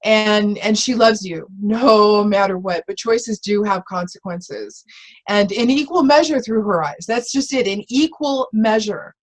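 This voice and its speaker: A woman's voice: mid-range voice, measured pace, rough recording. Earnest woman talking spirituality. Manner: earnest, heartfelt, with frequent restarts. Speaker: guest, ordained spiritual reverend. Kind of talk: casual spiritual conversation.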